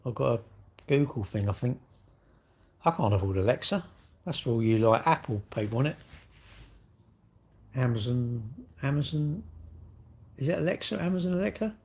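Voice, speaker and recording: A man's voice: medium pitch, animated, moderate pace, pauses often, a little mellow, breathy edge. An English man hosting a livestream, rambling and mocking in casual chat as he reads and answers comments. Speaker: livestream host.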